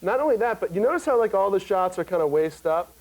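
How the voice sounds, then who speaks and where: A man in his twenties, a guest actor on a talk show, telling stories in an animated, joking way with lots of fillers. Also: high-pitched, fast, rough recording. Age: 20s. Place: TV studio before an audience.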